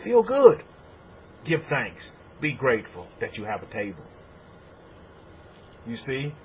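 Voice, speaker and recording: A man preaching a sermon as a rabbi, animated and repetitive. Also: mid-range voice, takes it slowly, highs cut off, slight background noise. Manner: animated preaching, acts out congregants' voices.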